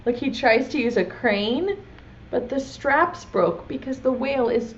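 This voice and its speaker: Woman preschool teacher, lively and slow, gentle questions to kids; slightly dull recording with faint hiss. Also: sits high. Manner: gentle, asks children questions. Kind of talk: reading aloud and teaching young children.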